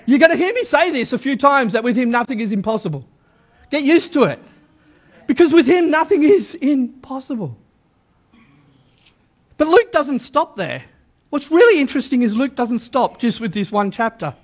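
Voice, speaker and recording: A middle-aged man, a pastor, preaching a lively sermon and repeating his key lines for emphasis. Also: extremely high pitch, normal speed, pauses often.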